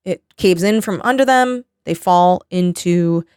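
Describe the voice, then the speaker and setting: Woman podcaster rambling through a book plot, smooth clear voice, dead dry sound. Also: on the low side, a little slow, darkish tone, no room sound. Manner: rambling plot summary with quoted voices and swearing. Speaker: podcast co-host. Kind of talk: casual book recap chat.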